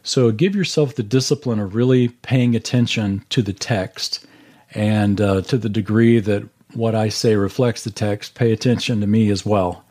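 A man's voice: lowish voice, fairly even intonation, normal speed, warm tone. A man teaching a Bible class over a video call, earnestly walking through verses and explaining them step by step.

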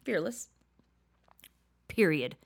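Speaking extremely slowly in a gravelly, fairly low voice with big pitch swings, an older female podcast host shares personal stories casually. She laughs a lot and sinks to near-whispers to emphasize points.

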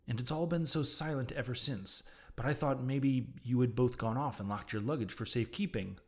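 A man's voice: mid-range voice, normal speed, lightly acted. A man voicing a frightened chambermaid. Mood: alarmed. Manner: breathless, exclaiming.

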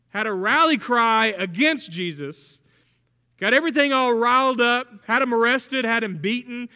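Preacher, male, high bright voice, storytelling sermon, emphatic builds, long hall reverb.

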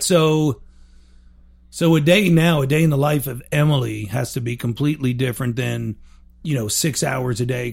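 A man's voice: medium pitch, vocal fry, darkish tone. A man hosting a podcast, a coach asking questions in a rambling, joking way with many fillers. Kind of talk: casual interview chat.

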